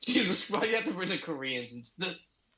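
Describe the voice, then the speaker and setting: A man's voice: high-pitched, big pitch swings, fairly quick, roomy sound, crowd noise. A man co-hosting a wrestling review podcast, making blunt, dry wisecracks. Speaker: wrestling show co-host. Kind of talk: casual podcast banter.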